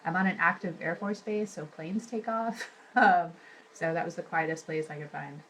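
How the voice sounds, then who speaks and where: A woman speaking casually in an interview, relaxed and chuckling, with a few hesitations. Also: fairly low pitch, moderate pace, a little hiss or hum, poor audio. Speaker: interviewee, community actor.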